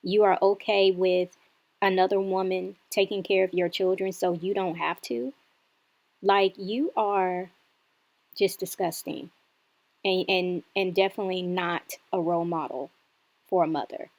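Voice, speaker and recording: A woman hosting a reaction channel, speaking in an indignant, lecturing way with drawn-out emphasis as she criticizes a clip. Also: on the low side, fairly even intonation, darkish tone.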